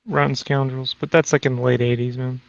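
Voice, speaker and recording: Man, casual banter, teasing, gravelly, muffled lo-fi, dry. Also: mid-range voice, little pitch movement, brisk, a little hiss or hum. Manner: laid-back, teasing, says bro and man. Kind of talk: casual chat. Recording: dull lo-fi dry sound.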